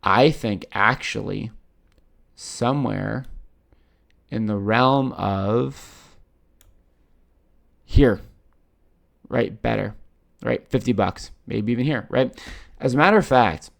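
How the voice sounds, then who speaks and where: A gravelly-voiced Canadian man, low in pitch, talks slowly with frequent pauses as he walks through his screen on his crypto channel. He's chatty, swears casually, and says "right?" after almost every point.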